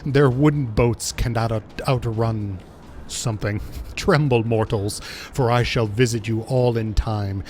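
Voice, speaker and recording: A man reading the lines of a haughty, menacing female wind goddess from a video game, slow and grandiose. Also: mid-range voice, steady tone, darkish tone, pitched below the performer's own voice, close to an everyday voice.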